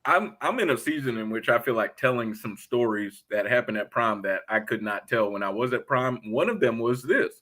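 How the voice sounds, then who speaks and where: Animated bright-voiced man hosting a live stream. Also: mid-range voice, normal speed, hardly any pauses. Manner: animated storyteller, laughs often. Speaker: truck driver. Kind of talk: casual live chat.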